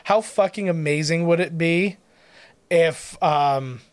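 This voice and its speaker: A man in his thirties co-hosting a casual movie commentary, rambling and excitable with lots of fillers. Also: on the high side, slow pace, clean tone. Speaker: podcast co-host.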